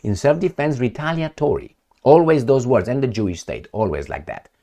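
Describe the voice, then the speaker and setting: A man's voice: mid-range voice, sing-song, brisk, warm tone. A man hosting a casual news commentary, sarcastic, crude and mocking as he reads and reacts to headlines.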